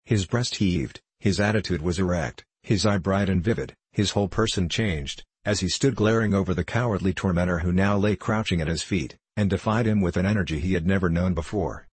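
A man narrating a classic novel as an audiobook in a measured, formal storytelling manner. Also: low voice, husky, no room sound.

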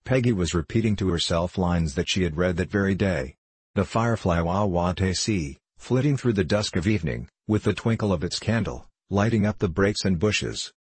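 A man reading an audiobook in a measured storytelling manner. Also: low voice, expressive, husky, no room sound. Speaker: audiobook reader. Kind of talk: scripted audiobook narration.

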